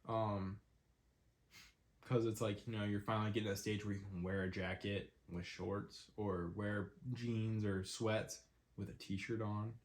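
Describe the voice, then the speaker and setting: A young man with a stuffy, congested nose hosts his own podcast alone. His voice sits a little low, and he rambles casually from one thing to the next, dropping frequent "um"s along the way. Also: fairly even intonation, measured pace. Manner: rambling, lots of "um" fillers. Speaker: podcast host. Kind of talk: casual solo podcast chat.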